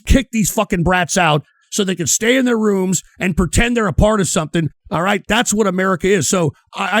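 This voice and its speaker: A man's voice: high-pitched, no room sound. A man streaming, reacting to clips with heated, sneering, swear-filled ranting. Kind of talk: profane ranting commentary.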